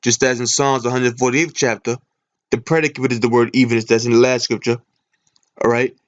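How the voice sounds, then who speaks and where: A man's voice: medium pitch, little pitch movement, fairly quick, muffled recording. A man giving a Bible lesson from his computer screen, asking and answering his own questions as he reads. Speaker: Bible teacher. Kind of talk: screen-share scripture lesson.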